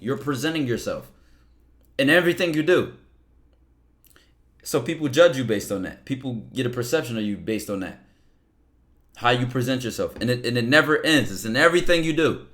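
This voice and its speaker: A man's voice: mid-range voice, expressive, fairly quick, a bit bright. A man hosting a call-in advice show, talking bluntly and with energy and swearing freely. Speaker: host.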